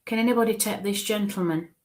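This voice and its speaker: A woman working as a medium on a live reading, her voice sitting at an ordinary middle pitch. She talks in a halting, repetitive way, drawing names out slowly and dropping into soft murmured asides. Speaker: spiritualist medium.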